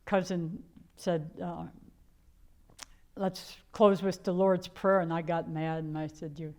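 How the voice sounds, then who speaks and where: A woman's voice: fairly low pitch, little pitch movement, slow, a little mellow. An older woman from the Chicago area telling her own life story in a candid, rambling way, full of fillers and restarts. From Chicago area, USA. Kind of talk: personal storytelling.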